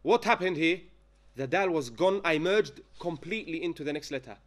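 Man, high-pitched voice, tajweed teacher, slow dictation, frequent questions to students, chanted examples. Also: animated. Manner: dictates slowly, checks understanding with frequent questions; chants Arabic verses when giving examples. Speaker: Quran recitation teacher. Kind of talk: classroom lesson.

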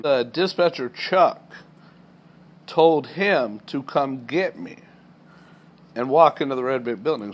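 A man in his thirties from Kansas, retelling a workplace clash in a personal vlog, indignant and getting heated. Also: mid-range voice. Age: 30s. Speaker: truck driver trainee, vlogger.

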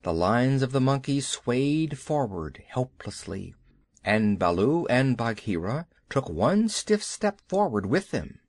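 A man reading a children's audiobook as narrator, unhurried and expressive. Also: mid-range voice, no echo. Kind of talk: scripted storybook narration.

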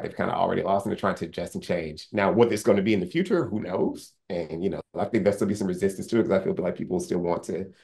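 A man with a low, gravelly voice talks quickly and candidly as an interview guest. He is earnest and rambling, restarting sentences and filling gaps as he goes. His speech has a steady, plain, conversational feel. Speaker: sports lawyer, interview guest.

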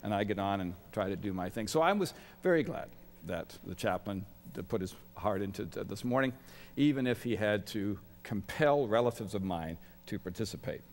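A man's voice: on the low side, expressive, normal speed. A middle-aged man giving a sermon as a guest chapel speaker, with wry, self-deprecating humor. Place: large college chapel. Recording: long reverb of a large chapel.

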